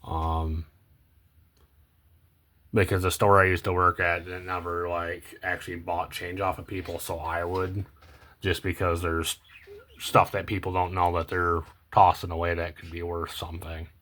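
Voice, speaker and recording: A young man talking casually about coins as he sorts them, rambling and hesitant with many ums and self-corrections, often trailing off quietly. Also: little pitch movement, unhurried. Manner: low-key, trails off quietly at phrase ends. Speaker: coin collecting vlogger. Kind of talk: casual unscripted commentary while sorting coins.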